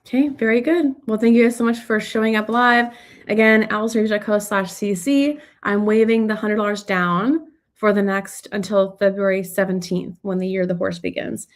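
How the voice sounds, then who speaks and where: A woman's voice: mid-range voice, fairly even intonation, normal speed. A woman business coach answering audience questions on a live stream, talking in a loose, conversational way with frequent restarts.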